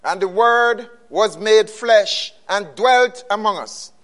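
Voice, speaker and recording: A man's voice: high-pitched, slow, a bit bright. A man preaching a sermon, emphatic and repeating his key phrases.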